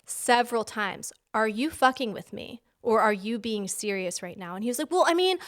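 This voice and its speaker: A woman co-hosting a podcast in casual chat, telling animated stories and acting out quotes. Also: fairly high pitch, normal speed. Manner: animated storyteller, acts out quotes. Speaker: podcast co-host. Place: home basement.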